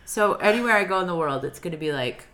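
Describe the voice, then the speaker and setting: Bright-voiced woman telling a story. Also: lowish voice, fast. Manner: animated storyteller, laughing through retellings. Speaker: podcast co-host. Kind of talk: casual chat, storytelling.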